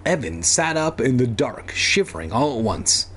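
A man's voice: medium pitch, normal speed, a little hiss or hum. A young man reading a children's horror story aloud as host, breaking off for joking asides. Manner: lively, joking, swears in asides.

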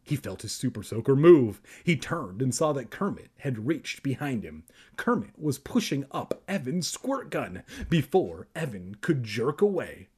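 A man's voice: mid-range voice, a little mellow, husky. A young adult man reading a children's book aloud on a podcast, breaking off for jokey, self-deprecating asides.

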